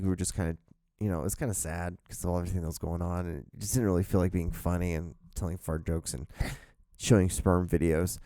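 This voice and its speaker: A young man rambles through a solo episode of his own show. He talks in a low, dark voice, full of fillers and restarts, and swears a lot. He sounds tired, as if his voice is wearing out, and the room is dry and close. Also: clean tone, dry recording. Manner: rambling, profane, self-deprecating, lots of fillers and restarts. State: tired, voice going out. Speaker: host.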